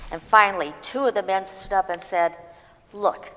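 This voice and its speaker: A woman reading scripture aloud in a steady, even narration. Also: mid-range voice, a little fast, long reverb tail, poor audio. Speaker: scripture reader.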